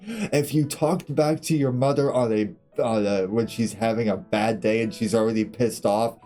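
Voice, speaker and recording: A man's voice: medium pitch, measured pace, long pauses, warm tone, soft background music. A man streaming a game, telling candid, profane stories from his childhood and laughing through them. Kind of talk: casual storytelling between game segments.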